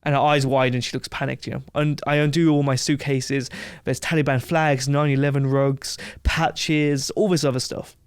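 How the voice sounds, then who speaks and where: A man as a podcast guest, telling rambling, animated anecdotes with frequent laughs in a casual interview. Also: medium pitch, normal speed, few pauses, smooth, dry recording, clean studio sound.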